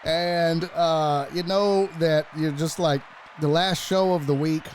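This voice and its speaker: A man's voice: a little high, slow, a little hiss or hum. A man hosting a casual sports stream, swearing freely and reading out thanks to viewers. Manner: profane, excitable, thanking donors. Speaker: streamer host.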